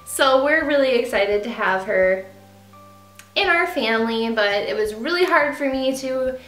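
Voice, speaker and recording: A young woman chatting in a casual home vlog, gushing about her puppy and slipping into high baby talk. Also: expressive, measured pace, a bit bright, reverberant, soft background music. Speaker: beauty vlogger. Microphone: camera with ring light.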